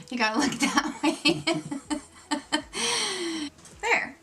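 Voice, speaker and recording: A woman in her forties talks straight to camera on her own channel, chatty and openly nervous. Her voice sits a little high. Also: sing-song, extremely slow. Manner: chatty, self-described loud, nervous. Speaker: YouTube channel host. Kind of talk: casual chat to camera.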